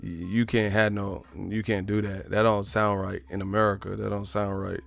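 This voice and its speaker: A man's voice: on the low side, flat delivery, moderate pace, gravelly, faint music behind. A man hosting a boxing livestream, cursing, joking and laughing often in casual banter.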